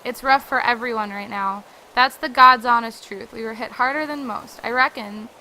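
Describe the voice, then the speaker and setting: A woman reading the lines of a blunt, weary middle-aged mother aloud from a game, with loud exasperated outbursts. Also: fairly high pitch, moderate pace, a little hiss or hum, low-quality recording. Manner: blunt, exasperated, raises her voice often.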